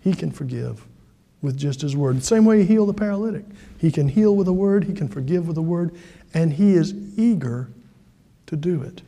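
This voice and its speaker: A man preaching a sermon as pastor, acting out the quoted voices with sudden jumps in pitch. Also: lively intonation, a little fast, vocal fry, warm tone, long reverb tail.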